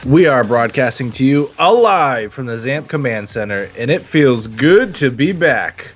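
A man's voice: mid-range voice, lively intonation, unhurried, faint music behind. A man hosting a casual podcast, cracking jokes and laughing often. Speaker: podcast host.

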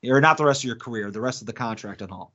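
Racing along in a medium-pitched, slightly bright voice, this podcast co-host rambles through casual chat full of fillers and restarts. The sound is dull and lo-fi.

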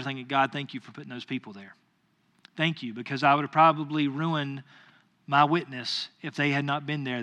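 A man in his thirties, a pastor, telling a personal story in a sermon and acting out his own angry lines. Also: fairly high pitch. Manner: animated, acts out his own anger in quoted lines.

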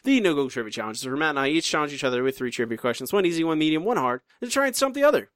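A man's voice: on the high side, very animated, racing, fairly bright tone. Teasing, self-deprecating podcast co-host man. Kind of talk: casual chat.

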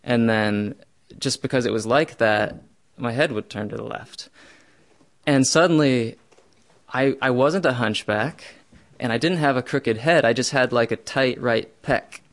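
A young man recounts a true story about himself in a self-mocking way, bursting out loudly when he voices his own panic. His voice is mid-range and unhurried.

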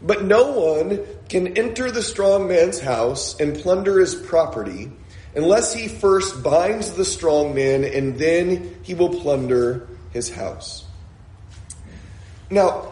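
Male preacher, somewhat high voice, conversational sermon with Scripture reading, loose delivery with "uh"s, echoey church room. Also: darkish tone. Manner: conversational, with frequent "uh" and self-corrections.

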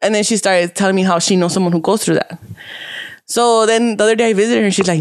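Young woman, casual storyteller, salty and animated, mid-pitched, dry close mic. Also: fast, no echo. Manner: animated storytelling, swears freely, laughs often. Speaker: social worker. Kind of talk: casual chat.

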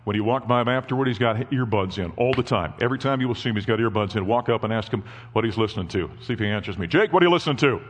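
Fifties guy preaching in church, lowish voice, folksy stories, long hall echo. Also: rapid-fire, hardly any pauses. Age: 50s. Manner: folksy, personal storytelling. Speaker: guest speaker. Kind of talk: sermon.

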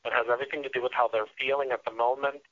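A man talking earnestly as a radio guest, often restarting and filling pauses as he explains his ideas. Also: mid-range voice, little pitch movement. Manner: earnest, with frequent restarts and fillers. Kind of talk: casual interview talk. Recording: dull lo-fi radio sound.

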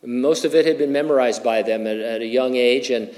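A man's voice: medium pitch, fairly quick, darkish tone. A middle-aged man preaching a verse-by-verse sermon, conversational in tone with humorous personal asides. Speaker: pastor. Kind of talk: expository sermon.

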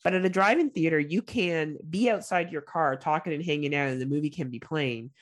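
A woman's voice: deep voice, fairly quick. A woman in her forties, co-hosting a podcast and telling stories in casual, profane chat. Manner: profane, animated storytelling. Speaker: podcast co-host.

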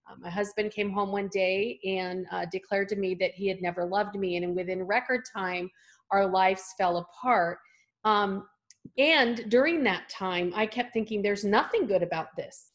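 This guest author and speaker, a woman in her fifties from California, shares a personal faith testimony in a podcast interview. Her medium-pitched voice is steady, unhurried and a bit bright as she tells the story earnestly, voicing the people she quotes.

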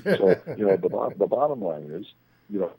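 A man's voice: sits low, very animated, fairly quick, dull audio, slight background noise. An older man, a sports agent, telling rambling anecdotes on a radio talk show, often restarting his sentences.

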